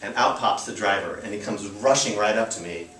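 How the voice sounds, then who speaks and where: An American man in his thirties speaks fairly quickly in a lowish, fairly bright voice, telling a live audience a personal story in a loose style packed with fillers. The recording comes from a distant mic in a roomy storytelling venue.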